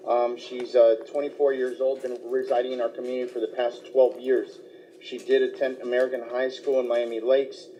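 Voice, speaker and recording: Mellow-voiced defense attorney in court. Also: male voice, mid-range voice, level tone. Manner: halting, speaks for his clients with fillers. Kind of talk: courtroom advocacy. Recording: dull, slightly noisy courtroom audio.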